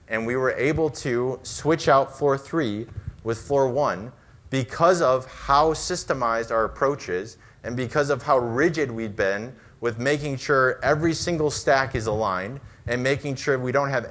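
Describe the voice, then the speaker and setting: A middle-aged American man speaking at a conference, walking an audience through slides. He talks in a conversational, storytelling way, at a mid-range pitch, and drops in casual fillers as he goes. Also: measured pace, a bit bright. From United States.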